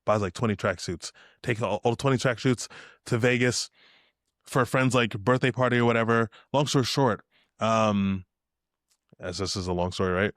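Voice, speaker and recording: Telling spirited stories at a moderate pace, this young male podcast guest has a lowish, slightly bright voice. He voices the people in his tales with shifted tones, and the studio-quality recording is dry.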